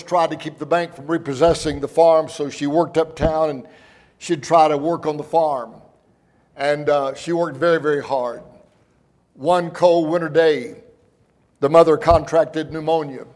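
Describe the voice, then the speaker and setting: A man preaching a sermon, telling stories earnestly and with emotion, slowing down for emphasis. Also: fairly high pitch, darkish tone.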